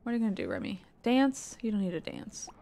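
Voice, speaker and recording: A woman's voice: mid-range voice, wildly swooping pitch, fast talker, creaky, dark tone. A woman streamer giving casual gameplay commentary, exasperated and swearing, with muttered asides.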